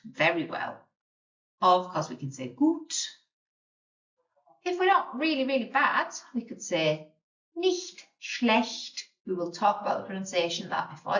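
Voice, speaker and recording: Woman, teacher, beginner language lesson, lively pitch, patient, slow modelled words, roomy distant dull sound. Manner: clear, patient, models pronunciation slowly. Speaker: German teacher.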